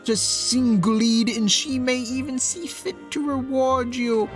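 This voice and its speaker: A man voicing a smug, scheming male merchant in a video game, talking theatrically with sweeping swings in pitch. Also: fairly even intonation, slow pace, soft background music.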